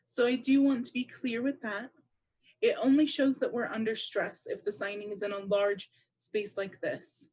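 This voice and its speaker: A woman interpreting aloud for a deaf presenter at a public seminar, speaking in a measured, explanatory way. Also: fairly high pitch, little pitch movement, darkish tone. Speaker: sign language interpreter voicing a deaf presenter.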